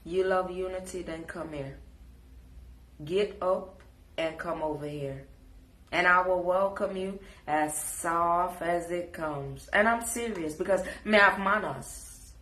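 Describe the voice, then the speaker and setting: A woman's voice: fairly low pitch, slow pace, a bit bright, reverberant. A woman with a Jamaican accent, scolding and preaching in a sassy live reaction rant. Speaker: social media commentator.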